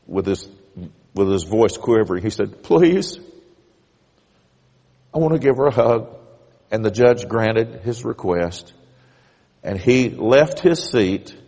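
Pastor preaching in an echoey church. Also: male voice, on the low side, darkish tone. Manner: measured storytelling, rising emphatically on key points. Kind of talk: sermon. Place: church sanctuary. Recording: church hall reverb.

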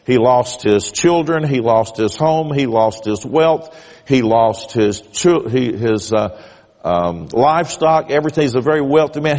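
A man preaching a sermon as pastor, telling a story in a measured way and rising emphatically on key points. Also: medium pitch, expressive, darkish tone. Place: church sanctuary. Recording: church hall reverb.

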